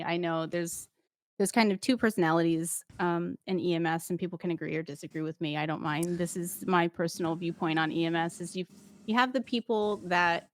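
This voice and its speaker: A woman guest, a former paramedic, talking casually in an interview, telling lively stories with acted-out voices and frequent laughs. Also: lowish voice. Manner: animated storyteller who acts out voices and laughs often.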